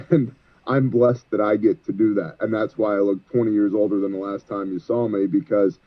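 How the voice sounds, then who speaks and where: A man's voice: lowish voice, fairly even intonation, normal speed. Tired man preaching over a phone line. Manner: fervent, sermon-like, scripture quoting. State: exhausted. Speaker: guest, ministry leader. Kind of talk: preachy interview talk. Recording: tinny phone-like call line.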